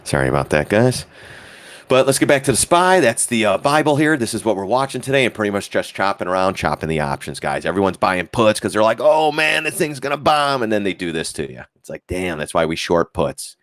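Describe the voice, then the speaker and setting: A man's voice: low voice, fairly quick, no echo, studio quality. A man giving blunt, profane live-stream commentary on stock charts and talking to viewers as guys. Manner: lively, mocks critics in put-on voices.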